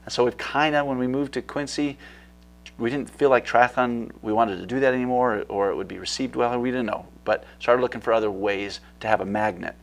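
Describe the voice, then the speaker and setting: A man's voice: mid-range voice, steady tone, a little fast, creaky. A man talking as a guest in a casual interview, eager and rambling with many fillers.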